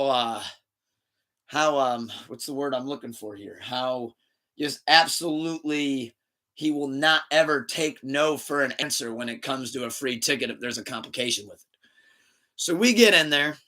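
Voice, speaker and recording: A man hosting a podcast, telling a story in a casual, animated way, laughing and switching between loud bursts and muttered asides. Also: mid-range voice, moderate pace. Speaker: podcast host.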